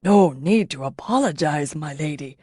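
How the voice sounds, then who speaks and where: A woman voicing a gentle older male master potter who speaks slowly and kindly. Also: sits low, no echo, clean studio sound, pitched below the performer's own voice. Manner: slow, kindly, soft-spoken.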